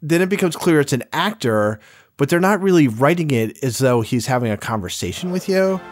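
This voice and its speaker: A man's voice: on the high side, expressive, fairly quick. A man on a review podcast who rambles and acts out the scenes he describes. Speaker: podcast panelist. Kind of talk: casual review chat.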